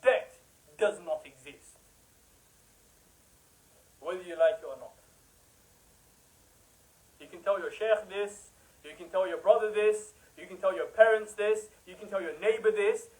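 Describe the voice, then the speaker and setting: A man's voice: high-pitched, unhurried, long pauses, rough recording. A man giving an impassioned religious talk, emphatic and rhetorical, sometimes mocking the people he criticizes. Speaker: preacher.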